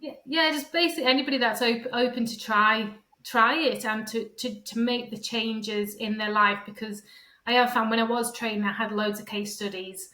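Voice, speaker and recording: A bright, lively-toned middle-aged woman talks in a loose, rambling way, slipping into quick imitations of other voices. Her voice sits fairly high. The room around her echoes. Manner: chatty, rambling, fond of "sort of thing", acts out quoted voices. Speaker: podcast guest, feng shui and decluttering coach. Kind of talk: casual interview chat.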